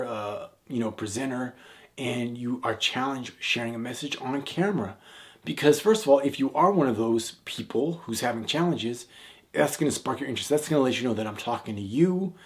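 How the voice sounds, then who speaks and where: A man giving a seated, direct-to-camera coaching tutorial, talking conversationally and often checking in with "all right?". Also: medium pitch. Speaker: video confidence coach. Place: indoors, seated.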